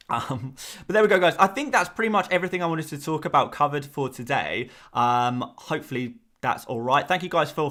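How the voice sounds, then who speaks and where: A man's voice: medium pitch, fairly bright tone. A man hosting a fantasy football live stream, talking casually to his viewers and often repeating himself as he rambles.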